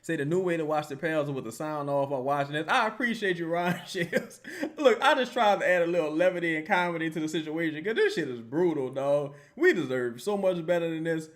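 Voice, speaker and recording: A man's voice: fairly high pitch, brisk, hardly any pauses. A young man giving casual live reaction commentary while watching a basketball game, joking and swearing as he rambles. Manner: animated, joking, profane and rambling.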